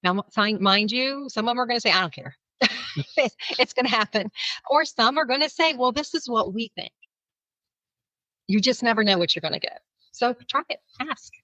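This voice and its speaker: A woman with a bright, forceful voice tells a personal story as a podcast guest, acting out the lines of people in it and laughing often. Her recording is dry, with little room sound, and a little muffled. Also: on the high side, normal speed, dry recording. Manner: animated, laughs often, acts out quotes. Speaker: podcast guest, kindness speaker.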